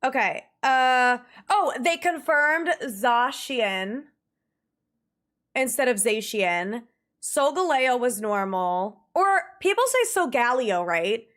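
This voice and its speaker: A young woman streaming, chatting casually with viewers and ranting in an exasperated, animated way. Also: high voice, slow pace, hardly any pauses. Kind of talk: casual livestream chat.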